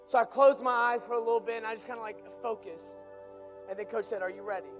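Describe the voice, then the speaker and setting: A young man preaching through an animated personal story, building from quiet asides to excited shouts. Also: very high voice, quick pace, over music. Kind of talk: storytelling sermon.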